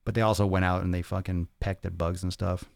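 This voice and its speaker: A man's voice: low voice, level tone, fast talker, creaky, clear, resonant tone, no room sound, clean studio sound. A man hosting a fitness podcast livestream, chatting casually, answering comments and cracking crude jokes. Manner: loose and profane, jokey, reads comments aloud. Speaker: podcast host.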